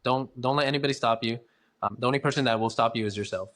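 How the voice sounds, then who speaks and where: With a mid-range, fairly bright voice and a rapid-fire delivery, this man chats about his job as a dental hygienist in an interview. He's an easygoing, talkative guest who acts out the voices he quotes.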